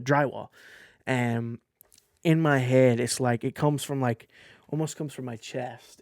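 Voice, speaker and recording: A young man talks straight to a camera from his desk at home, candid and earnest. He rambles a little as he tells a personal story. His voice sits at an ordinary middle pitch, and the sound is dry and close, with no room echo. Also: darkish tone. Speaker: podcast host. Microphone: facing a camera at his desk.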